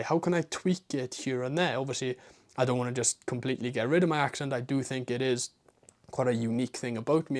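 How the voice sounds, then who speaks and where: A man's voice: mid-range voice, a little mellow. A man with a strong British accent coaching straight to camera. He talks in a blunt, casual way, with slang and the odd swear word. He drives his points home with runs of rhetorical questions. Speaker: online business coach. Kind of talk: talking-head advice monologue.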